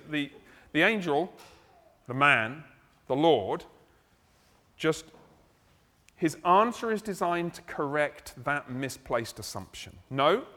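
A man preaching a sermon, explaining a passage in a relaxed, conversational way with casual asides. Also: on the high side. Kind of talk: expository sermon. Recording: long hall reverb.

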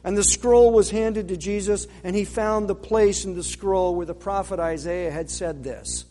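A man preaching a sermon as a pastor, emphatic, slowing down to stress words and dropping low and soft at the end of key lines. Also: in a large hall.

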